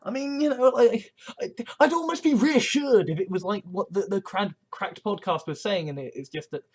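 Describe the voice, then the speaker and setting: A vlogger talking in a casual monologue, rambling and halting with many restarts and nervous laughs, earnest and agitated, with some swearing. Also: medium pitch, animated, husky.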